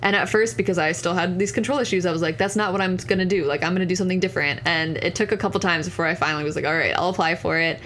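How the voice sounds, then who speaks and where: A woman's voice: lowish voice, racing, hardly any pauses, a bit bright, a little hiss or hum. A young woman in her twenties, a podcast guest telling a personal story in an earnest, candid way, full of casual fillers. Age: 20s.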